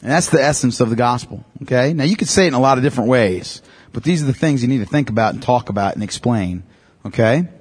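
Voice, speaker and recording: A man's voice: medium pitch, lively intonation, fast talker, darkish tone, slightly rough. A man teaching a church class on evangelism, emphatic and repeating his key points, often checking in with "okay?".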